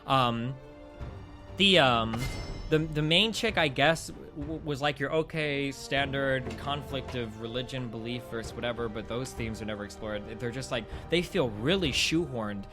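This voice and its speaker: A man's voice: mid-range voice, unhurried, over music. A young man streaming live, ranting heatedly about a film with plenty of profanity. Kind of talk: live stream movie rant.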